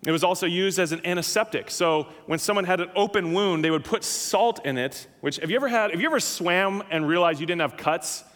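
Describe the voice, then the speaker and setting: A male pastor delivers a sermon in an animated, emphatic way, his slightly high voice jumping up and dropping low for stress. The sound carries a long hall reverb, as if from a church sanctuary. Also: brisk, hardly any pauses. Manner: animated, emphatic preaching with wide swings in pitch and loudness.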